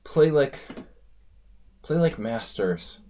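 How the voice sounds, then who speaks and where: A man's voice: medium pitch, animated, takes it slowly, mellow, a little hiss or hum. An American man chatting casually while commenting on his own online chess games during a live stream, wandering off into asides. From United States. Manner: rambling, chatty asides between chess moves.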